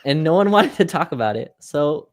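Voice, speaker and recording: A man's voice: a little high, lively intonation, normal speed. A man co-hosting a casual sports livestream, ranting with exasperation and laughter. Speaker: podcast co-host.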